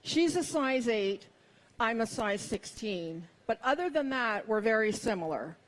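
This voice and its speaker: A woman's voice: on the high side, big pitch swings, measured pace. A middle-aged woman performing a stand-up comedy set, with wry, self-mocking punchlines.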